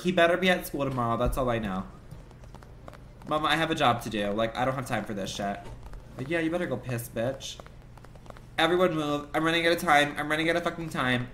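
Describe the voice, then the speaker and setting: A man's voice: mid-range voice, fairly bright tone, slight background noise. A man livestreaming a game with sassy, dramatic, profane self-talk. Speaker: streamer. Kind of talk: live gaming commentary.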